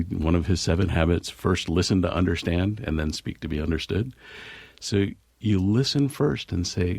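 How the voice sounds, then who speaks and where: A low, gravelly male voice, a marital therapist explaining and telling stories with earnest animation. Recorded close and dry in a studio. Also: a little mellow, no room sound. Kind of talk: radio interview, storytelling.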